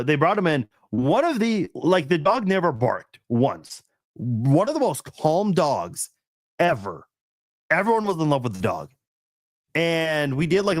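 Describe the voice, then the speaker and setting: A man's voice: fairly high pitch, dry recording. A man hosting a casual live-stream chat, reading viewers' comments in a rambling, laid-back way with frequent laughs, fillers and restarts.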